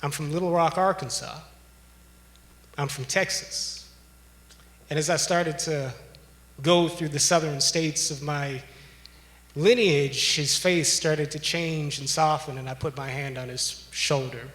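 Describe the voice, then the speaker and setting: A man from Los Angeles tells a personal story at a podium in a large ballroom. His voice sits a little high, and his delivery is relaxed and chatty, full of ums and asides. The sound rings with the echo of the big room. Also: unhurried, long pauses. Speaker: speaker telling a personal story. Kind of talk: storytelling speech. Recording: echoey ballroom.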